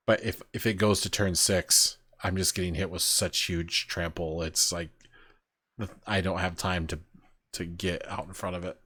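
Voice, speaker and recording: Male podcast host, very low voice, loose rambling delivery, dry close mic. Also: fairly bright tone, no room sound. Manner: rambling, filler-heavy storytelling. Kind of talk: casual chat.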